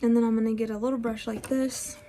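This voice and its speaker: A woman's voice: on the high side, flat delivery, quick pace, dark tone, slight background noise. Breathless pregnant woman chatting through makeup. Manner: chatty and self-deprecating, with frequent sighs. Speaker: beauty vlogger. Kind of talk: casual makeup tutorial chat. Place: home.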